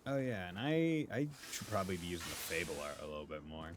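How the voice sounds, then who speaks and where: A man's voice: low voice, sing-song, fast, slight background noise. A man streaming a video game live, chatting casually and joking as he plays. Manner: laid-back, joking, muttering asides. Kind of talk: casual live gameplay commentary.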